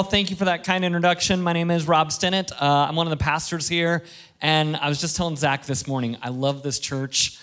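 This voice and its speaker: Chatty pastor, bright conversational voice. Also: male voice, a little high, steady tone, fairly quick. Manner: conversational, playful storytelling with self-deprecating jokes. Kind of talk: sermon.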